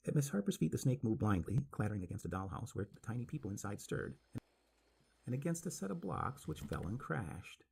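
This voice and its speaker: A man reading a spooky story aloud with dramatic, expressive narration. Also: on the low side, a little fast, vocal fry, breathy edge.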